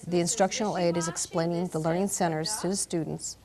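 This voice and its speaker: A woman, a guest on an education program, explaining classroom footage in a measured voice-over. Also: fairly low pitch, steady tone, a crowd in the background. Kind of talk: voice-over narration.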